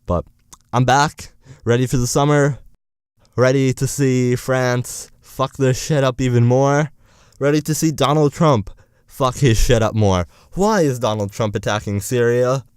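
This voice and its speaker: In an unhurried, rambling vlog, a young man sarcastically rants about politics and swears freely. His voice is clear, smooth, and ordinary in pitch, captured close-up and dry with no echo or room sound.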